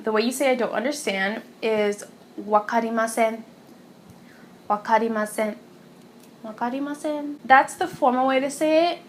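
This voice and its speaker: A young woman at home giving a casual phrase lesson, chatty and giggly, saying each phrase slowly and repeating it. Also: a little high, slight background noise. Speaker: language teacher vlogger. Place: warm room at home.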